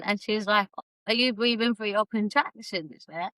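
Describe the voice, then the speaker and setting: A woman chats through a personal story as a podcast guest, laughing often as she goes. Her voice sits at a middle pitch and the sound is dry and close. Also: moderate pace, dry recording, rough recording. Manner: chatty, laughs often, animated retelling. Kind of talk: casual storytelling conversation.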